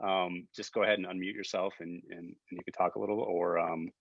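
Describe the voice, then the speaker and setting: A middle-aged man hosts an online gathering on a video call, chatting casually with many restarts and fillers. His low, level voice moves fairly quickly, and the audio is narrow and tinny with no echo.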